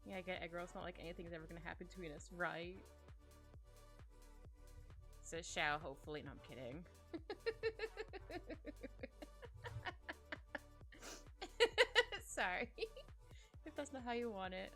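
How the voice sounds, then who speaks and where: A woman streamer talks casually while she draws at home, her voice bright and rising and falling in lively swoops. She rambles and giggles her way through stories, and soft music plays faintly under her. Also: on the low side, slow, pauses often. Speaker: livestreaming artist. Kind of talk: casual chat while drawing. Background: soft background music.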